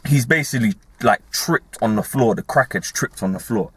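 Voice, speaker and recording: A young man with a London accent telling a story in casual, slangy chat, animated and laughing often. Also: mid-range voice, normal speed, husky. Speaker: podcast host.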